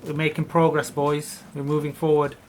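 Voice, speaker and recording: Male let's-play host, slightly high voice, joking rambling commentary, home gaming setup, faint background noise. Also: flat delivery, normal speed. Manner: joking, rambling riffs on a word. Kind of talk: casual gameplay commentary.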